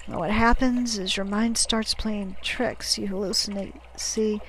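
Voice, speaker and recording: A woman voicing a gruff but kindly older male sailor who coaxes and soothes, stammering now and then, in a storybook reading. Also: medium pitch, fairly even intonation, measured pace, a bit bright, slight background noise, low-quality recording. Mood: reassuring.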